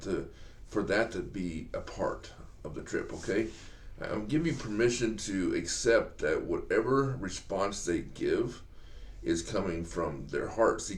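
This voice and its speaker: A man with a very deep, gravelly voice talks earnestly to fathers, coaching them in a casual, halting way. He restarts his sentences often as he thinks aloud. The sound has a roomy echo. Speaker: host giving fathers advice. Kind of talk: casual advice talk.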